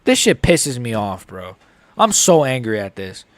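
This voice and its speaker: Young male fight-channel host, angry live reaction rant, lively swinging pitch, close dry sound. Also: unhurried, dry recording. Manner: heated, ranting, swearing.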